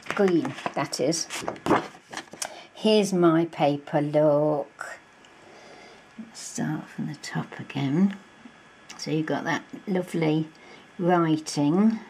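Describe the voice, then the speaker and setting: Slow, low-voiced chatty woman crafter. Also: darkish tone, slight background noise, rough recording. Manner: chatty, gushing, with many fillers. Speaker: crafting vlogger. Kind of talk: casual show-and-tell.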